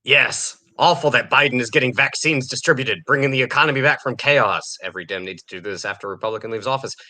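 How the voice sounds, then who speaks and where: Sarcastic bright-voiced podcast host. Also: male voice, medium pitch, quick pace. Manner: sarcastic, laughs between points. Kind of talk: casual political banter.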